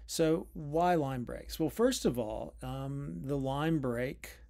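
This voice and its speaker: A man giving an unscripted lecture on poetry, thoughtful and careful, often pausing and restarting his phrases. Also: on the high side, lively intonation, mellow. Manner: thoughtful, with frequent restarts and drawn-out pauses.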